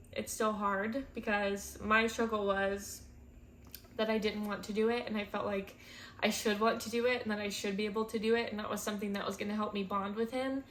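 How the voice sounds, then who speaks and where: A woman's voice: medium pitch, a bit bright, slight background noise. Candid, emotional young woman vlogging. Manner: candid, emotional, close to tears at times; chatty, many fillers like "like" and "um". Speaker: vlogger, first-time mom. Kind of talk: casual talk to camera.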